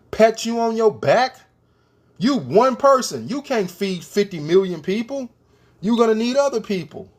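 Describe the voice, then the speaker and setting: Male commentator with a high voice, preachy rant to camera, hammers home rhetorical questions. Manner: emphatic, repeats rhetorical questions; addresses the viewers directly.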